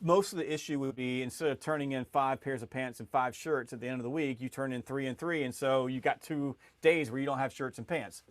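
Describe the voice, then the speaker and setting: A middle-aged man, a sales expert guest in a podcast interview, telling stories with growing energy and many quick restarts. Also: no echo. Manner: lively, rising pitch and volume as the story builds, frequent restarts. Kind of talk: animated storytelling in a podcast interview.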